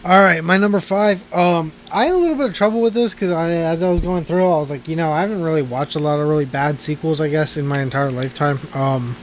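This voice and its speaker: A man's voice: fairly high pitch, quick pace, hardly any pauses, slight background noise. A man co-hosting a casual movie podcast, rambling and restarting his sentences and laughing often. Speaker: podcast co-host. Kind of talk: casual movie review chat.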